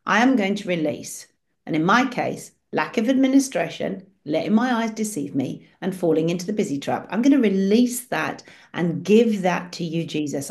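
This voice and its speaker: A woman's voice: mid-range voice, darkish tone. A woman leading an online prayer session on a video call, speaking in an encouraging, storytelling way. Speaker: prayer group leader.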